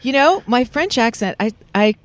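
Animated voice actor telling stories. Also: mid-range voice, moderate pace, dry recording. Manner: animated storytelling, many fillers and restarts. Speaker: voice actor guest. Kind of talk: casual interview chat. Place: recording in a parking lot.

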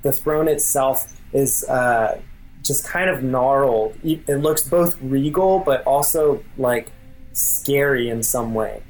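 A man's voice: mid-range voice, slow pace, a little mellow, rough recording. A man narrating a tabletop role-playing game as game master, casual and rambling with plenty of fillers.

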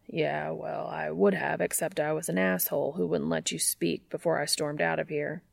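A woman doing a gruff, wry young man. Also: deep voice, fairly even intonation, normal speed, no room sound, full character voice. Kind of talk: fan fiction reading.

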